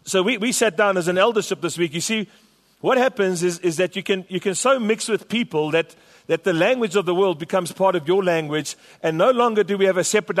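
A man's voice: sits high, a little fast. A man pastor preaching a sermon to his church, emphatic and repetitive. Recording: long hall reverb.

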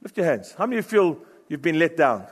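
Male preacher, slightly high voice, impassioned sermon delivery with loud-to-hushed swings, long hall reverb. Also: sing-song, fast, husky. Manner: impassioned, swings from loud urgent bursts to hushed low phrases. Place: church hall.

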